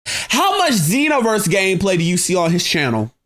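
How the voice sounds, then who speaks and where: High-voiced combative male streamer. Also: big pitch swings, normal speed, faint music behind. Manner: combative, mocking, slangy, rising into shouting. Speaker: livestream host. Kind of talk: heated livestream rant.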